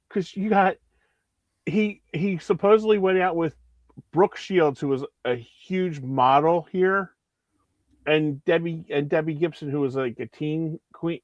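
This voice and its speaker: A man in his fifties from the area, chatting casually about films in a rambling, animated way with many restarts. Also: on the high side, no room sound. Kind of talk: casual film chat. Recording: dull lo-fi stream audio.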